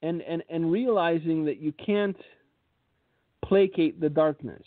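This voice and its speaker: A male radio host with a high voice who speaks slowly and bluntly, with a sarcastic edge. His lines often stumble over repeated words, and the sound is dry and tinny, like a phone line. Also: dry recording. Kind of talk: radio commentary.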